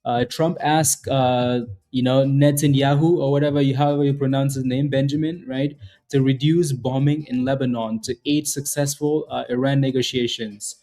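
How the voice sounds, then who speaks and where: A man's voice: medium pitch, steady tone, moderate pace, warm tone. A man hosting a day-trading livestream, chatting casually and repetitively with viewers in chat and hyping up trades. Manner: repetitive, hyped, chatty, addresses viewers by name. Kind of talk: casual live market commentary to chat.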